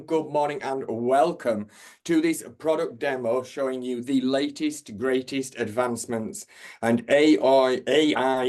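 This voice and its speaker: A man's voice: mid-range voice, a little mellow. A man hosting a product demo webinar over a video call, full of jokey, self-mocking asides. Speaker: webinar host, marketer.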